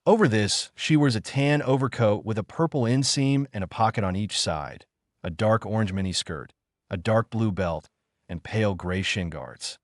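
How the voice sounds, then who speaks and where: A man narrating a fan fiction story in a plain, even reading. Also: on the low side, no echo, studio quality.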